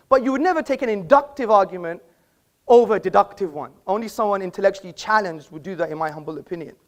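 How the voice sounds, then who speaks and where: A man speaking as a debater in a live public debate, making emphatic, rhetorical points to an audience in an auditorium. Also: high voice.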